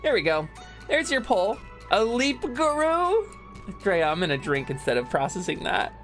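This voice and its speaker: A young woman streaming a video game, chatting casually with her viewers, joking around and yelling playful bits. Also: mid-range voice, moderate pace, faint music behind. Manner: animated, joking, shouts bits and laughs often.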